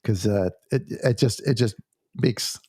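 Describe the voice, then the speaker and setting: A man leading a conversational Bible study in a church, halting and full of restarts as he reads scripture aloud. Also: on the low side, darkish tone, breathy edge, no echo, studio quality. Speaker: Bible teacher.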